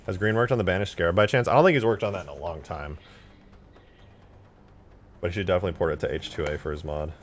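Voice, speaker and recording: Chatty low-voiced male streamer. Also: quick pace, long pauses, slight background noise. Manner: excitable, chatty, talks while eating. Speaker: livestreamer reacting to game mod videos. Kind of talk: casual live-stream chat.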